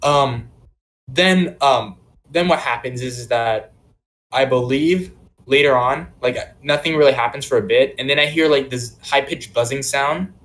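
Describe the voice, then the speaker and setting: A young podcast co-host casually tells a long personal story, rambling and using many "like" and "um" fillers. His mid-range voice is unhurried and a bit bright.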